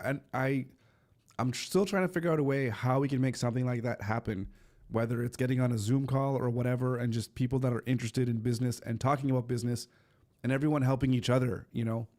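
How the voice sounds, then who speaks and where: Host, male, hoarse and coughing, rambling casual stream talk, mid-pitched. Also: a little mellow. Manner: rambling, with many restarts and fillers; addresses viewers directly. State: losing his voice, coughing. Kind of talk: casual live-stream chat.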